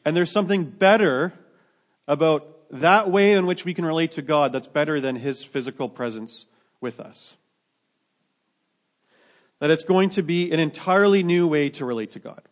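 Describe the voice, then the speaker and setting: A pastor with a slightly high voice preaches to his church at a moderate pace with long pauses. His manner is conversational, with frequent sentence restarts and self-deprecating, joking asides.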